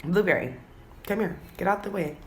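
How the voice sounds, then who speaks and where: A woman's voice: on the low side, expressive, fairly quick. A woman coaxing her pet bird at home in a cooing baby-talk voice, with casual swearing, in a noisy home recording. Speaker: pet video host.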